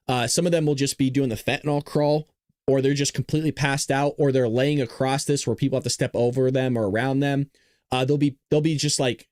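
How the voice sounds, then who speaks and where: A man's voice: mid-range voice, darkish tone, dry recording, clean studio sound. A man hosting a podcast, talking casually and rambling to viewers while he plays his own video clips. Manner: rambling, talks straight to viewers. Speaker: podcast host.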